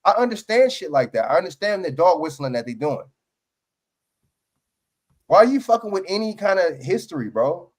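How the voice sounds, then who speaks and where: A man's voice: high-pitched, big pitch swings, moderate pace, long pauses. Fired-up New man ranting. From New York. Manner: profane, heated ranting with many restarts. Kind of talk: heated political podcast chat.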